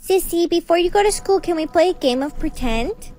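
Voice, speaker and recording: Casting: woman doing a high, sweet, naive little girl in a cartoon story, faint music. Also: lively intonation, fairly quick, a little mellow. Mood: innocent. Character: innocent little sister, young girl. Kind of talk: animated story acting.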